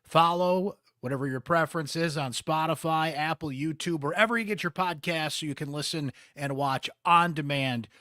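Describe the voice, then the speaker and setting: A man's voice: on the high side, moderate pace, few pauses, bright, forceful tone, dry recording. A man with a Central New York accent hosting a postgame sports podcast, chatty and candid with wry asides, close on the mic.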